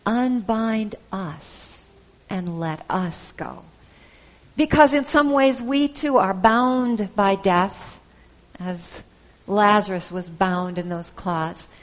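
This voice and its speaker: Woman preacher, mid-pitched voice, unhurried storytelling sermon with small hesitations. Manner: storytelling, with soft pauses and hesitations.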